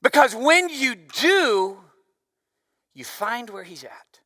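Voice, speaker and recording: A man preaching a sermon as pastor, with a loud voice that swings from forceful emphasis down to near-whispers. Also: very high voice, big pitch swings, takes it slowly, no echo, studio quality, big-room sound.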